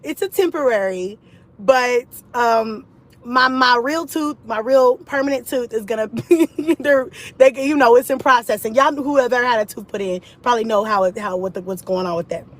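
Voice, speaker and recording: A woman telling a personal story to her camera in a casual, animated way, with frequent swearing. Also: on the high side, moderate pace, rough recording. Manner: animated and profane, with laughs.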